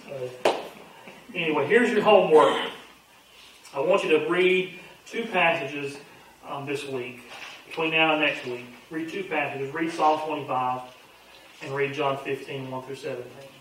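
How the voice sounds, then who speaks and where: A man's voice: a little high, fairly even intonation, measured pace, pauses often, fairly bright tone, far from the mic. A man, a pastor teaching a Bible study in a folksy, earnest, conversational way with frequent fillers. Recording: very echoey room, voice off-mic with faint hum.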